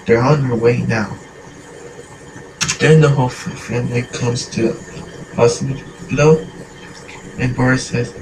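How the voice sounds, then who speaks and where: A man narrating an improvised story in a halting way, full of pauses and fillers. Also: medium pitch, steady tone. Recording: echoey room, mic far off, hiss.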